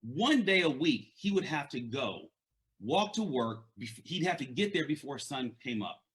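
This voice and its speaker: A man's voice: mid-range voice, sing-song, unhurried, a bit bright. A man with a stutter giving an earnest, conversational motivational talk as a leadership and mindset coach, often repeating words.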